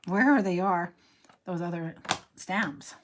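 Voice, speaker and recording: A woman's voice: lowish voice, measured pace. Middle-aged female craft host, chatty and meandering, light background hiss. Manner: chatty, rambling, talks to herself while working. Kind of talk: casual crafting demo chat.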